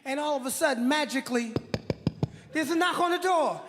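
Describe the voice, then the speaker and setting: A man with a high, bright voice tells a self-mocking story, chuckling as he goes. He speaks from a live stage. The hall rings with some echo and audience noise. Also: a little fast. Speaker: stand-up guest. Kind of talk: stand-up storytelling.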